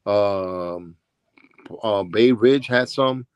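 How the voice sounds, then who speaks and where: A man's voice: fairly low pitch, very slow, clear, resonant tone, no echo. New York man telling stories, dry sound. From Brooklyn, New York. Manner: rambling, with restarts and acted-out quotes. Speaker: interviewee, former b-boy. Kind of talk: casual storytelling interview.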